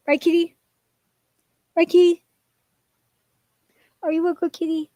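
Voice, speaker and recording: A woman's voice: very high-pitched, animated, slow, pauses often, darkish tone, dry recording. A woman streaming casually, rambling with many fillers and cooing at her cat in baby talk. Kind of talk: casual live-stream chat.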